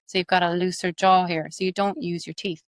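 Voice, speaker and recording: A woman with an Irish accent, an accent coach and actress, explaining her methods quickly and animatedly in an interview. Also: on the low side, no echo. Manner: fast, animated, explains with examples.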